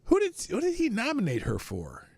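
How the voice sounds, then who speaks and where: A man hosting a political livestream, crude and rambling, now and then breaking into shouted outbursts. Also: extremely high pitch, huge pitch swings, brisk, vocal fry, slightly rough, no room sound. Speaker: livestream host. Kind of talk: profane political commentary.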